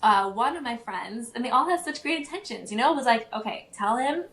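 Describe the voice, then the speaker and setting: Animated woman storyteller in an echoey room. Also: on the high side, a little fast. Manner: animated storyteller who acts out quotes, many fillers. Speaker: guest, parenting approach practitioner. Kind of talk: casual podcast interview.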